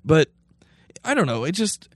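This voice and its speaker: Young man, casual podcast co-host, mid pitch, dry close mic, animated and rambling. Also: measured pace, slightly rough, no echo. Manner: animated, rambling with restarts, mocking impressions. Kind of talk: casual political chat.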